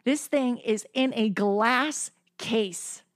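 A woman guest on a podcast telling a personal story in a casual, animated way, often saying "like" and acting out what people said. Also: fairly high pitch, very slow, no room sound, studio quality. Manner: animated, acts out quoted voices, frequent "like".

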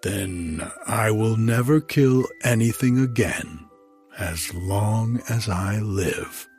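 A man voicing a king in a storybook reading, speaking gently and earnestly. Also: medium pitch, very animated, slow pace, gravelly, heavily acted. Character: kind king, fond of hunting, man. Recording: faint music behind.

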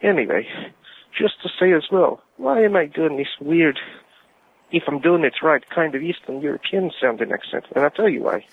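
A man's voice: fairly high pitch, animated, normal speed, vocal fry, husky, no echo, heavily acted. A man from the United Kingdom leaving a joking call-in message while putting on a comic Eastern European accent. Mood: playful. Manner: jokey, rambling, talks in points. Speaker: caller. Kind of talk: phoned-in voicemail. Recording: phone line.

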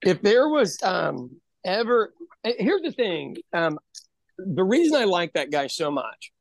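A man's voice: high-pitched, big pitch swings, a little slow, creaky, dry recording. An Irish man co-hosting a podcast, telling stories in casual chat and laughing often. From Ireland. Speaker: podcast co-host.

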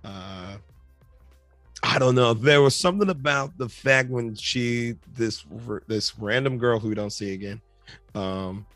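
Rambling, excitable podcast host, a man. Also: mid-range voice, measured pace, no room sound, soft background music. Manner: rambling and enthusiastic, with many fillers. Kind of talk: casual movie review.

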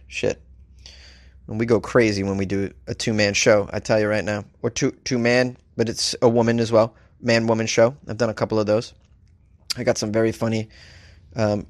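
A male comedian hosts a solo podcast, riffing on strange news with animated, joking asides. His voice sits in a middle range. The sound is dry and close, with no room around it. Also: medium pitch, no echo. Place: home studio, Los Angeles.

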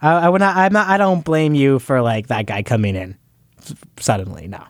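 A man's voice: mid-range voice, fairly quick, dry recording. A man appearing as a studio guest, speaking hesitantly and self-deprecatingly, with frequent stammers and restarts. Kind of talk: casual interview conversation.

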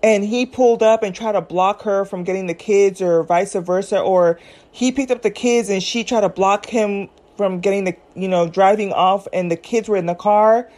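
A chatty woman talking at an everyday pitch and hosting a casual commentary show. She rambles, piles on fillers and keeps correcting herself mid-sentence as she talks things over with her listeners. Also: normal speed, a little mellow. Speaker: podcast host. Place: at home, eating snacks.

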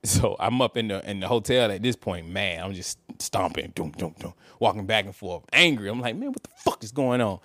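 A man's voice: on the low side, a little fast, hardly any pauses, no echo. A man, co-hosting a podcast and telling a casual story, laughing and acting out what people said. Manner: animated, laughing, acts out quotes. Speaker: podcast co-host.

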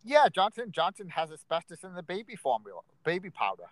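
A man's voice: sits high, huge pitch swings, fairly quick, fairly bright tone, no room sound, low-quality recording. A man co-hosting a podcast in casual chat, talking bluntly with lots of fillers. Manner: rambling, filler-heavy, blunt. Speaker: podcast co-host.

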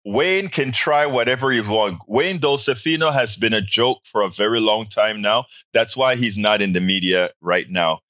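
A man's voice: fairly low pitch, animated, normal speed, few pauses, fairly bright tone, no room sound, muffled recording. A man hosting a casual podcast, reading out listener comments and answering them with strong opinions. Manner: opinionated, reads chat messages aloud and answers them. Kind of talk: casual live call-in commentary.

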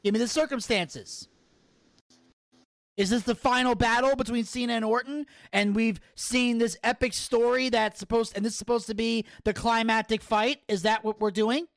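High, gravelly-voiced man ranting profanely. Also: steady tone, normal speed. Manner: argues in rhetorical questions. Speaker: podcast co-host. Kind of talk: casual podcast chat.

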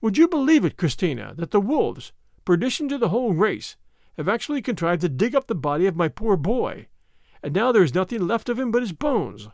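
A man's voice: sits high, huge pitch swings, normal speed, hardly any pauses, darkish tone, no echo, studio quality. A man voicing an angry, grieving woodsman father in an audiobook reading, exclamatory and indignant.

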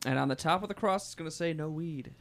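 A man's voice: a little high, racing, vocal fry, fairly bright tone, smooth. A man co-hosting a podcast in casual chat, with a dry, sarcastic manner. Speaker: podcast co-host.

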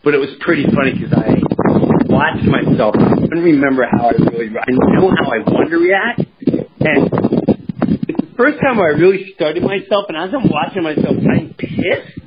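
A man hosting a podcast in casual chat, telling stories in an animated, rambling way with many restarts. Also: fairly high pitch, normal speed. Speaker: podcast host. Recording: dull lo-fi sound with faint noise.

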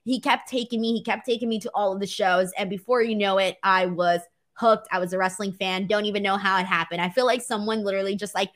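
A young woman from the West Coast telling stories in a casual Q&A video, animated and laughing, slipping into playful impressions. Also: medium pitch, quick pace. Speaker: vlogger. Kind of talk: casual Q&A storytelling.

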